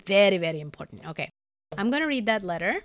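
A woman's voice: medium pitch, big pitch swings, fast, no room sound, studio quality. A woman from India with an Indian English accent, hosting a podcast and telling a true crime story in a conversational way, with asides. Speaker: podcast host.

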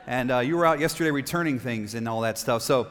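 A man preaching a sermon to a congregation, animated, asking the room questions and reading passages aloud with drama. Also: medium pitch, fast, some chatter behind. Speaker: pastor. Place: church auditorium. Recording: long reverb of a church hall.

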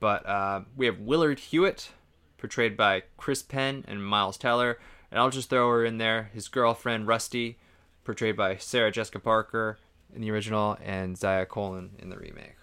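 A man's voice: lowish voice, normal speed, clear, resonant tone. A man co-hosting a casual podcast, reviewing films and laughing often. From US East Coast. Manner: animated, laughs often, mimics lines in raised voice. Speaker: podcast co-host. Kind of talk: casual movie-review chat.

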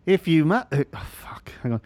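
A man's voice: a little high, big pitch swings, normal speed, a little mellow. A Scottish man hosting a podcast in casual chat; he is sleep deprived, rambles, corrects himself and fills gaps with "um" and "uh". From Scotland. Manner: rambling, self-mocking, many fillers. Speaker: podcast host.

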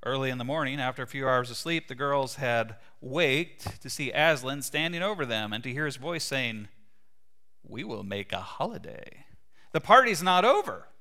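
A middle-aged man preaching a sermon, retelling a story in an animated way and briefly voicing its characters. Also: mid-range voice, moderate pace, hardly any pauses. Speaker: pastor.

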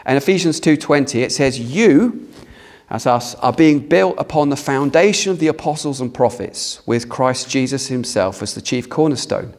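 A man's voice: medium pitch, a little mellow. Man from Britain, pastor, sermon to a congregation, conversational, asks questions. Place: church hall with a congregation.

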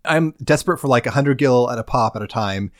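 A man's voice: medium pitch, a little fast, no room sound. Dry-voiced man telling a story. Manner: dry, wry storytelling with comic emphasis. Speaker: podcast co-host. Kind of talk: casual chat recapping a game.

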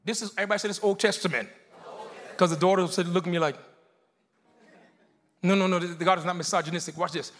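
A man preaching a sermon as pastor, leading his congregation in call-and-response and rising into shouts. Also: high voice, fairly even intonation, fast, long pauses, slight background noise. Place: church sanctuary before a congregation.

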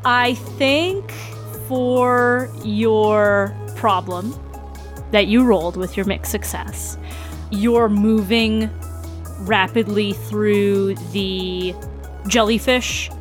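A woman acting as game master, explaining the results of rolls in a deliberate, amused manner. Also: mid-range voice, steady tone, faint music behind. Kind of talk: running a tabletop game.

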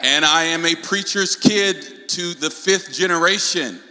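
Southern male preacher, high bright tone, roomy hall, call-and-response delivery. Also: measured pace. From North Carolina, US South. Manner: call-and-response, occasional shouts. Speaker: guest preacher. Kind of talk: preaching talk. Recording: hall reverb.

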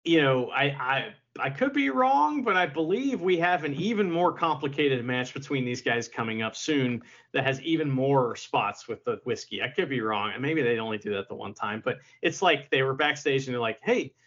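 A man's voice: medium pitch, normal speed, few pauses, a bit bright, dull audio. A man co-hosting a podcast in casual chat, who laughs a lot and acts out quotes in silly voices. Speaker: podcast co-host.

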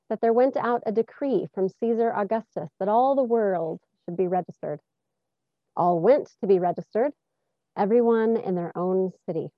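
A woman's voice: medium pitch, no echo. Woman reading scripture, dull dry sound. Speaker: scripture reader.

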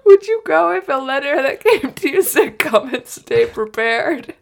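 A woman with a fairly high voice and an unhurried delivery listens to her co-host's story. She chimes in with teasing jokes and short, quick reactions, and she keeps the chat playful. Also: animated, gravelly. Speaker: podcast co-host.

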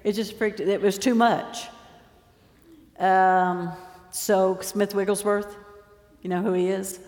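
A woman preacher giving a lively sermon, telling stories and acting out the scenes as she goes. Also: medium pitch, takes it slowly. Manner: lively storytelling, acts out scenes. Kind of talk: sermon with stage demonstration. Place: large church hall. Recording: roomy echo, long hall reverb.

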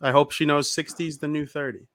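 A young man co-hosting a sports podcast, bantering with jokes like an excitable fan. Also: a little high, quick pace, no room sound. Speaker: podcast co-host. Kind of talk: casual sports podcast chat.

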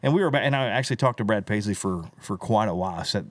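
A country singer telling rambling, animated stories in a casual podcast chat, often tossing in "dude" and "right?". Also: male voice, on the low side, very fast, dry recording.

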